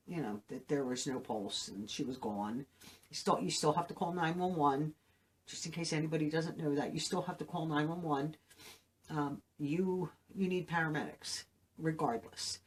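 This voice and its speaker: Her voice sitting low, a middle-aged channel host recounts something personal to the camera; she's emotional and sad, and her telling stumbles along with many fillers.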